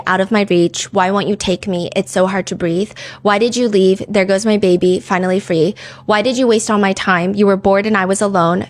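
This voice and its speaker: A woman hosting a podcast, telling a true-crime story in a casual, chatty way, full of "like" and "you know.". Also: medium pitch. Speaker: podcast host.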